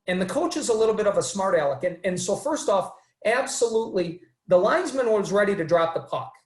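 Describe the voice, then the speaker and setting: A man's voice: sits high, lively intonation, fairly quick. A man moderating a casual panel discussion over a video call, hesitant, with many restarts, acting out quotes as he retells a scene. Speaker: webinar moderator. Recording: echoey room sound.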